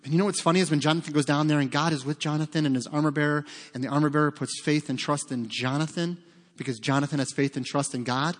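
A man preaching a sermon as pastor, earnest and conversational, often breaking off into casual asides. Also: a little high. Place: church sanctuary. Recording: long reverb of a large hall.

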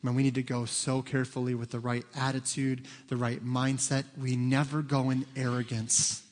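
A man's voice: mid-range voice, level tone, normal speed. A man preaching a sermon as pastor, earnest and pleading, lifting his voice when he quotes scripture. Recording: long reverb of a large hall.

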